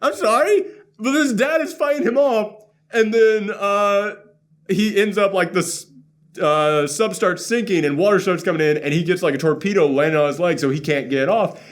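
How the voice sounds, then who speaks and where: A man hosting a casual movie reaction chat, sarcastic and laughing often as he acts out scenes in quick voices. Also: high voice. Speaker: podcast host.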